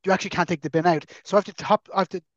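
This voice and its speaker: A man's voice: high-pitched, steady tone, very fast, no room sound. Ranting man, dull dry sound. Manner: chatty, ranting, joking. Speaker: podcast co-host. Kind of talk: casual chat.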